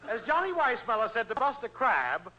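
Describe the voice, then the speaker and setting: A man's voice: extremely high pitch, very animated, a little fast, heavy background noise. An actor playing a wisecracking male store salesman who fires off punchy one-liners in an old radio comedy. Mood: joking. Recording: dull distant old radio recording.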